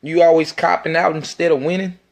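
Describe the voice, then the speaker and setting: A man's voice: fairly high pitch, fairly even intonation, brisk, gravelly. A man, an independent rapper, talking in a casual self-recorded monologue that is intense, rambling and full of profanity.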